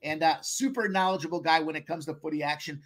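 A man hosting a sports betting live stream, hyping up his guests with slangy shout-outs in casual chat. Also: fairly high pitch, fast talker. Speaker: host of a sports betting show.

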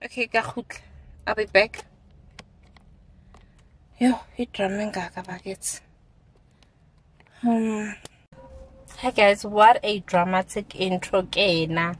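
A young South African woman speaks with a South African accent in a relaxed, chatty vlog. She takes her time, wanders between topics and mixes local words into her English. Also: medium pitch, slow pace, pauses often, slight background noise. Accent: South African, mixing in isiZulu words. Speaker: vlogger. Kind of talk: casual vlog to camera.

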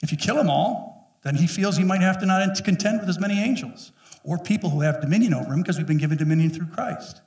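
A man's voice: high voice, a little mellow. Emphatic preacher man in his fifties. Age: 50s. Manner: emphatic, joking preacher who acts out quick voices. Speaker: pastor. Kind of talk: sermon. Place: church sanctuary. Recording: echoey room, mic at a distance.

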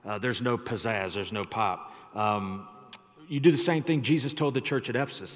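A man preaching a sermon as pastor, emphatic and shifting his loudness for effect, in a church sanctuary. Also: medium pitch. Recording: long church hall reverb.

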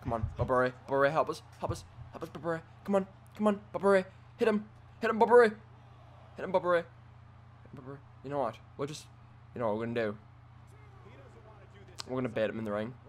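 Excitable man trash-talking through a game. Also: on the high side, brisk, pauses often, slight background noise. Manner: excitable, trash-talking, swings between whispers and yells. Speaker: gaming commentator. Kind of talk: let's play commentary.

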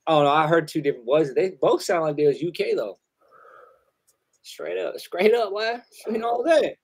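A man hosting a live music review stream, talking loud and loose with heavy slang and swearing, laughing often. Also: on the high side, animated, normal speed, slightly rough. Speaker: host reviewing submitted music. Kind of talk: casual live-stream chat.

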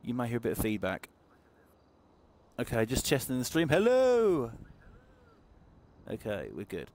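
A man streaming a racing game live, chatting loosely and excitably to viewers and swearing often as he plays. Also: lowish voice, fairly quick. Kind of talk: casual live-stream commentary while playing. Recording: racing game noise loud behind the voice. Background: game engine and car sounds.

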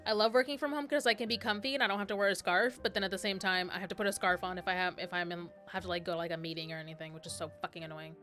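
A woman's voice: on the low side, steady tone, racing, few pauses, bright, forceful tone, faint music behind. A young woman streaming a game, chatting casually, gushing and swearing, laughing often.

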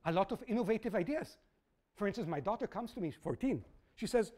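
A man's voice: high-pitched, fast talker. A middle-aged man giving an open university lecture, telling stories with quoted voices and checking in with the audience. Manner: animated storytelling with quoted voices; asks audience "yes?" and "okay?". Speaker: guest lecturer.

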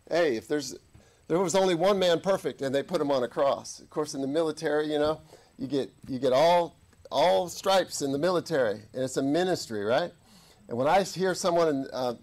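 A middle-aged man preaching a sermon as an army chaplain, telling stories and acting out voices in the quotes. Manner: animated, acts out quotes with big pitch jumps. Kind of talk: sermon with storytelling. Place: church.

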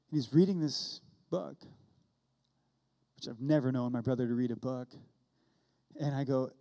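Man, pastor, sermon, storytelling, high voice, mellow tone. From California. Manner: storytelling, acts out dialogue in a personal anecdote. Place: church.

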